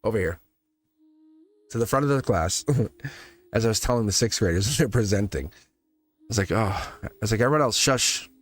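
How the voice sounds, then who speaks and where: A man's voice: lowish voice, animated, moderate pace, long pauses. A man hosting a live tarot reading in casual spiritual talk, rambling and repeating phrases, chuckling often. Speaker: tarot reader livestream host.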